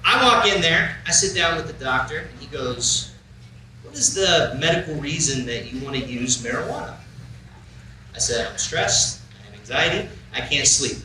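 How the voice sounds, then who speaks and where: A man's voice: fairly high pitch, animated, moderate pace. A man doing a stand-up comedy set on a club stage, telling a story and acting out both sides of a conversation. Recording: roomy club, far from the mic, loud crowd noise. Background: audience laughter.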